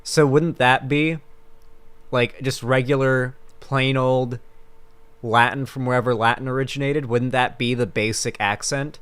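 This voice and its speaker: A man's voice: medium pitch, steady tone, measured pace, a bit bright, smooth. A man streaming live, chatting casually with his chat in a rambling, crude, sarcastic way.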